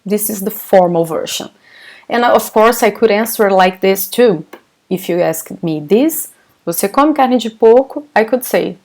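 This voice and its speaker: Brazilian woman, Portuguese teacher, Brazilian accent, unhurried patient explanations, mid-pitched voice. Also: darkish tone. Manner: patient, explains step by step, reads chat questions. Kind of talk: live online language class.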